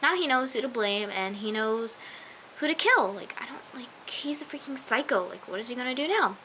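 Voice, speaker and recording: A young woman gushes through an episode recap with a bright, forceful, slightly high voice. She talks in a chatty, excitable way and sometimes drops into whispers. A faint hiss sits under the recording. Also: brisk, poor audio. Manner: chatty, gushing, full of "like" and "oh my gosh", drops into whispers. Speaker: show reviewer.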